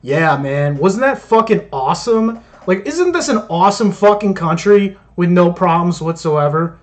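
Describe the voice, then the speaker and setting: A man with a notably high-pitched voice delivers mocking, sarcastic commentary over clips he is reacting to. He swears constantly and drips with scorn. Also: animated, moderate pace, hardly any pauses.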